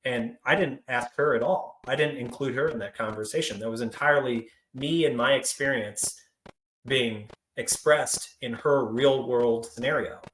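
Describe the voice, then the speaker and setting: A young man from Central Kentucky leads a training session, his voice sitting at an everyday middle pitch. He talks in a loose, conversational way, leaning on frequent fillers as he tells stories. The room around him has a noticeable echo. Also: moderate pace, a bit bright, slight background noise. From Central Kentucky, United States. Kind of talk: training presentation. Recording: roomy echo.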